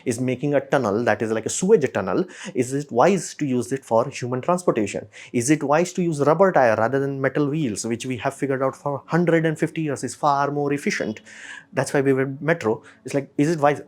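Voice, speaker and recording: A man from India giving a blunt, exasperated opinion monologue, often mimicking other people in quick asides. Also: mid-range voice, lively intonation. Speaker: commentator.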